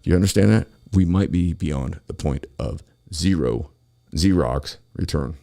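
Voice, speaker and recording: Deep gravelly guy ranting angry and cussing nonstop on his show. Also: unhurried, warm tone. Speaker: podcast host. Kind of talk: solo political rant.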